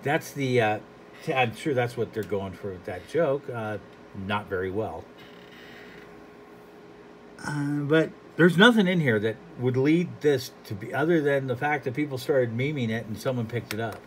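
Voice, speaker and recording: A man talks through a comic book in a loose, rambling way, sounding dry and unimpressed. His voice sits at an ordinary middle pitch. A faint hiss of background noise runs under the recording. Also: expressive, moderate pace. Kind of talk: casual commentary.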